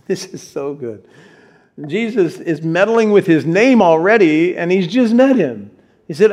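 A male pastor giving a sermon, telling stories in an animated way and putting questions to his congregation. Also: a little high, unhurried. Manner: animated storyteller, acts out quotes, asks the audience questions. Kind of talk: sermon with personal storytelling.

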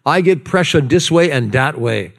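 A man's voice: on the high side, expressive, normal speed, creaky. A man reading scripture in a put-on Hawaiian Pidgin accent, playful and lilting.

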